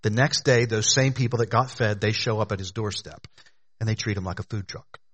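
A man preaching a sermon in a conversational way, talking to the congregation as "y'all", rising to loud emphatic lines and dropping to hushed ones. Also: a little fast, breathy edge. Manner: swings between loud emphatic rises and hushed low drops. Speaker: pastor.

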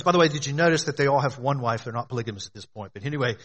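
A man's voice: medium pitch, fast talker, few pauses, a bit bright, breathy edge. A man preaching a sermon to a congregation, emphatic, often asking questions and answering them. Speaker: pastor.

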